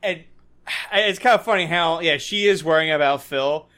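A man co-hosting a podcast in casual chat, chatty and quick to laugh. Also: fairly high pitch, bright, forceful tone. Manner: chatty, laughs easily, acts out quotes. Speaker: podcast co-host.

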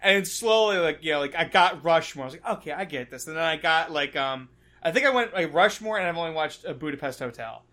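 A man co-hosting a podcast, telling stories in a rambling, animated way full of fillers. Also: a little high, fairly quick. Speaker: podcast co-host. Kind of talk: casual podcast chat.

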